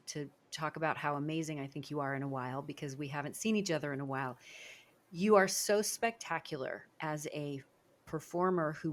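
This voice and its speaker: A woman hosting a podcast interview as a speaking coach, talking in an effusive, praising way. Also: low voice. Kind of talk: interview conversation.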